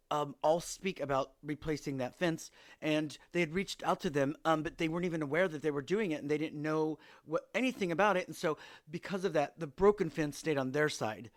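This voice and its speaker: A man hosting a podcast, telling stories about his neighbors in a wry, exasperated way and acting out their lines. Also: a little high. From Seattle area. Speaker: podcast host. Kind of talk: casual storytelling.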